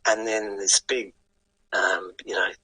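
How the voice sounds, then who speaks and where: An older man with an Australian accent, a guest telling a story in a lively, casual way and swearing freely. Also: on the low side, slow, husky, no room sound, rough recording. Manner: animated yarn-spinning with casual swearing. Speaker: guest, retired sidecarcross racer.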